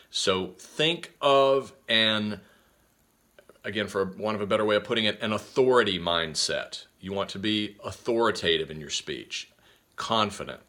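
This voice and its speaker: Energetic man with a deep, bright voice. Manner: energetic, rambling, many fillers and restarts. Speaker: host. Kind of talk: casual instructional talk.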